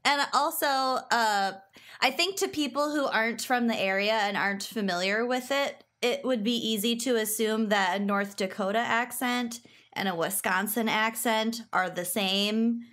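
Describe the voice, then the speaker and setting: A woman's voice: a little high, moderate pace, a bit bright. A woman with a Minnesotan accent, chatting on a podcast and laughing often. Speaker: podcast guest. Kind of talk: casual podcast chat.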